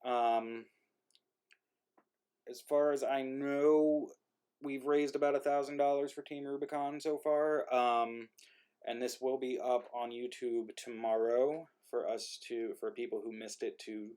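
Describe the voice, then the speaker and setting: A man's voice: medium pitch, steady tone, slow pace, darkish tone, smooth. A man, the playwright hosting an online play reading, chatting casually over a video call with lots of ums and self-deprecating laughs. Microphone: video call mic.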